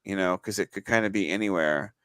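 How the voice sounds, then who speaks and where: With a low, fairly bright, clean voice moving a little fast, this man co-hosts a podcast, rambling through casual chat full of fillers and self-interruptions. He laughs easily, and the studio-quality recording is dry.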